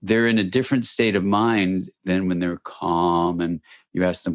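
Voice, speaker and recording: Low-voiced man explaining measuredly. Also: moderate pace, few pauses. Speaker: guest expert. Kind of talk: interview answers.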